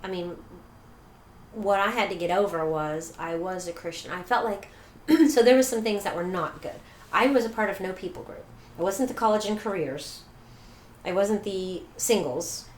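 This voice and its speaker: A middle-aged woman telling her own story as an interview guest, animated, acting out what other people said. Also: medium pitch, normal speed. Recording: echoey room with faint noise.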